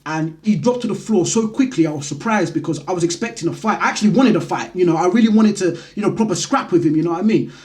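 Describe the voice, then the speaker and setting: Young man, high voice, casual storytelling, conversational vlog. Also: fast, few pauses, a little mellow. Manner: conversational, frequent "you know what I mean". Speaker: vlogger telling his life story.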